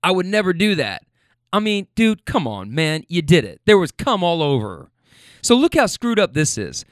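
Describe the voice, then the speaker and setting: A man's voice: high voice, dry recording, studio quality. A young man casually telling a funny story about his passengers, acting out their lines and laughing as he goes. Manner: animated, acts out the passengers' voices with quoted lines and laughs.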